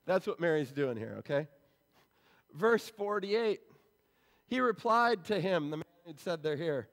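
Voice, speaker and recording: A man's voice: fairly high pitch, expressive, a little slow, pauses often. A male pastor giving a sermon in a church sanctuary, explaining scripture in a conversational way. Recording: long reverb in a church hall.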